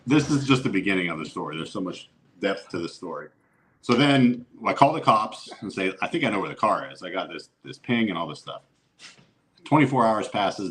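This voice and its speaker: A fairly low-voiced middle-aged man, spinning a story on a casual podcast. He swears freely and acts out what everyone said. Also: a little hiss or hum. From Youngstown area, Ohio, USA. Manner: animated storyteller who swears and acts out quotes. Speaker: podcast guest.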